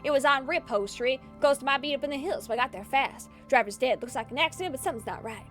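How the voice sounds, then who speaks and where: A woman's voice: high voice, fast, soft background music, close to an everyday voice. A woman doing a clipped mid-Atlantic noir detective. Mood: gruff. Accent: mid-Atlantic, put on. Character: hard-boiled 1940s male noir detective.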